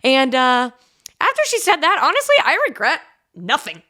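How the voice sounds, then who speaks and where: A woman's voice: high-pitched, huge pitch swings, normal speed, bright, forceful tone. A young woman in her twenties with a Southern US accent, hosting a podcast alone and telling a personal story in a chatty, frank way full of "like" and swearing. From Mississippi, US South. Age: 20s. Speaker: podcast host. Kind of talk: casual storytelling monologue.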